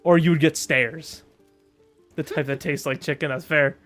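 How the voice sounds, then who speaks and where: A man from Europe with a fairly high voice chats loosely as he streams a game, joking and rambling and breaking into laughter often. Faint game music plays under his talk. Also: fairly even intonation, normal speed, fairly bright tone. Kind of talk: casual gameplay commentary.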